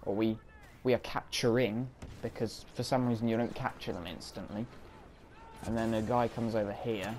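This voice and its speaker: A man's voice: on the low side, fairly even intonation, normal speed, darkish tone, slight background noise. A man giving casual, self-mocking commentary while playing a video game, reacting on the fly. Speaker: gaming commentator.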